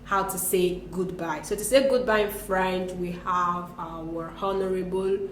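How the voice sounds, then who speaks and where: A woman teaching French greetings in a relaxed lesson, patiently explaining and repeating example phrases. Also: fairly low pitch, a little slow, echoey room, a little hiss or hum. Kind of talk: conversational language lesson.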